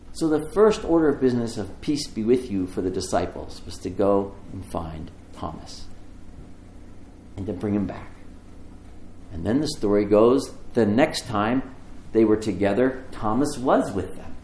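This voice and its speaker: A male pastor preaching a sermon, telling the story with animated voices for the people in it. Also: lowish voice, unhurried, roomy sound. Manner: animated storytelling, acts out dialogue.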